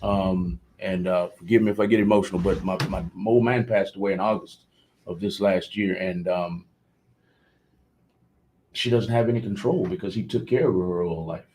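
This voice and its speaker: A man's voice: sits low, fairly even intonation, moderate pace, darkish tone, a little hiss or hum, poor audio. A man hosting a local radio show, talking in a folksy way and often repeating himself. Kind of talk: casual radio talk.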